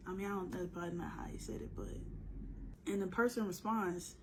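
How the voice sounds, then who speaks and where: A woman with a sore, slightly hoarse throat telling a story in a casual, slangy way, with joking asides and acted-out lines. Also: lowish voice, brisk, slight background noise, poor audio. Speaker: storytime narrator.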